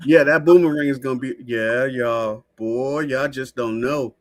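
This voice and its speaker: A woman hosting a podcast, ranting with profane, animated storytelling in casual chat. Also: rumbling low, unhurried. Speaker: podcast host.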